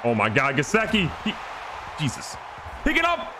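A man giving excited, joking gameplay commentary as a gaming YouTuber. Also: a little high, moderate pace, background noise. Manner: animated, joking, trash-talking.

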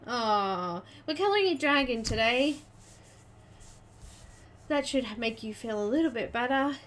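A woman hosting a casual live chat, a little out of breath, chatty and quick to laugh as she greets viewers by name. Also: a little high, animated, fairly bright tone. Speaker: live stream host.

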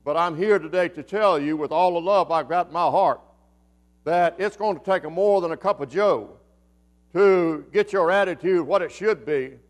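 An older man with a Southern American accent, preaching a sermon as pastor of a church, acting out the voices of the people in his story and dropping from loud emphasis to hushed storytelling. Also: sits high, normal speed. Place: church sanctuary.

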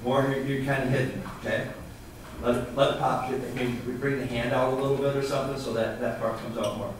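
A man's voice: mid-range voice, steady tone, a little fast. A man coaching a brass ensemble, encouraging and singing out rhythms. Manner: encouraging, sings rhythms aloud. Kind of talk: music clinic coaching. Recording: echoey hall, voice from far off, noisy.

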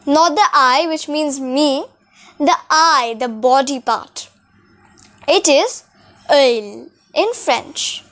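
Careful female tutor, high voice, unhurried, stretches example words. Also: a bit bright. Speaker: French tutor. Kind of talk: beginner language lesson. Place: room with a whiteboard.

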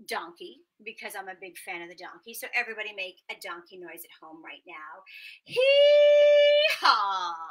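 A woman hosting an interactive children's storytime from her small apartment at home. She talks in an animated, playful way and makes sound effects along the way. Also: medium pitch, breathy edge, rough recording. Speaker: children's show host and storyteller.

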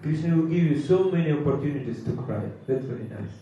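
A man's voice: mid-range voice, animated, fairly quick, warm tone. A man giving a devotional sermon. He repeats his points with emphasis and chuckles now and then. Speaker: preacher. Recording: echoey hall, far from mic, dull lo-fi.

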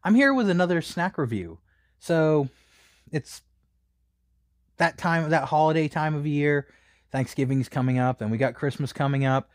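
A man's voice: fairly high pitch, lively intonation, moderate pace, pauses often, no room sound, clean studio sound. A man casually reviewing a snack, rambling with many fillers and a little out of breath. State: a bit out of breath.

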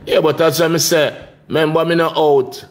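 A man with a Jamaican accent chatting on a casual livestream, playful and teasing, sometimes dropping into a low murmur. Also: steady tone, moderate pace. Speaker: livestream host.

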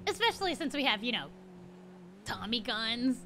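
A woman's voice: a little high, sing-song, a little slow, bright, forceful tone, slight background noise. A woman streaming a role-play game, chatting casually and giggling often.

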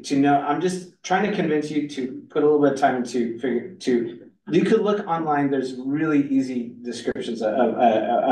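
A man's voice: mid-range voice, a little mellow. Rambling man lecturing in an echoey hall. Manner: rambling, self-interrupting, many restarts and fillers. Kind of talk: university lecture. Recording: roomy hall audio from far off.

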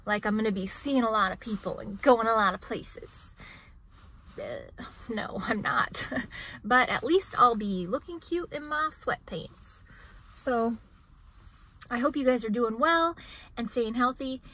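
A woman in her thirties chatting casually in a haul vlog, self-mocking and quick to laugh. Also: on the high side, fairly bright tone, slight background noise, poor audio. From United States. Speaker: vlogger.

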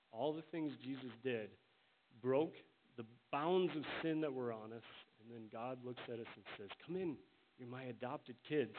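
Earnest pastor preaching, tinny sound. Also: male voice, mid-range voice. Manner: earnest, emphatic preaching with slowed, stressed quotes. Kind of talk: sermon. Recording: tinny phone-like sound with faint hiss.

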